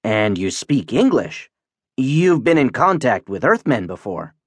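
Man doing a blunt, commanding spaceship captain, impatient, slow, lively pitch. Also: breathy edge, no room sound, full character voice. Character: gruff, impatient male ship captain.

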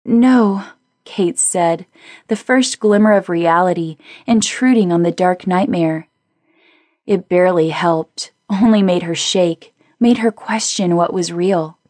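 Woman, audiobook narration, slow, low-ish voice, dry close mic. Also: darkish tone, no echo. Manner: measured, voices characters with small pitch shifts. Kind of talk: scripted narration.

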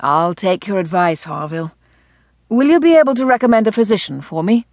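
A woman voicing an injured gentleman in an audiobook, speaking calmly and without anxiety. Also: mid-range voice, fairly quick, dry recording, clean studio sound, lightly acted. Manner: calm, not anxious. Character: injured gentleman, calm and steady.

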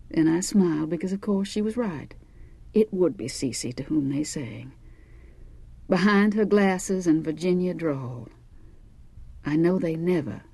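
A woman narrating a novel in the first person, with measured, wry storytelling. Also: low-pitched, mellow, no echo. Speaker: audiobook narrator.

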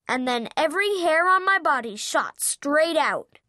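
A high, bright narrator reads a children's audiobook in the first person, with a lively, expressive telling. The pace is unhurried, and the studio sound is dry and close. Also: no echo.

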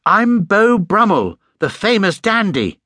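A man voicing a polite, earnest young bear who is quick to take offence. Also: a little high, expressive, pushed and bright, no echo, voice pushed up. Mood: indignant. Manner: earnest, well-mannered, indignant.

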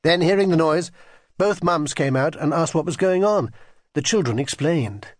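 Husky, animated man reading a children's story. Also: a little high, moderate pace, dry recording, clean studio sound. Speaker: audiobook narrator.

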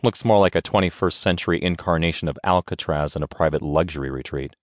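A man's voice: sits low, quick pace, no room sound, lightly acted. A man narrating an audiobook voices a resentful, nervous young wife who speaks in a clipped way through gritted teeth. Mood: wry.

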